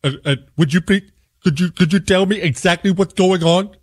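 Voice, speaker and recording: A man's voice: sits high, normal speed, breathy edge, no room sound, clean studio sound, pitched above the performer's own voice. A man voicing a flustered male call-center worker who stumbles and repeats himself.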